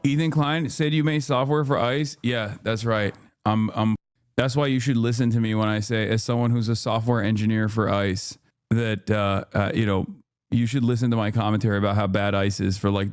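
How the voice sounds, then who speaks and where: A man's voice: lowish voice, fairly even intonation, normal speed, clear, resonant tone, no room sound, studio quality. A man hosting a live stream, reacting to clips in heated, blunt, profane and mocking commentary. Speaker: streamer host.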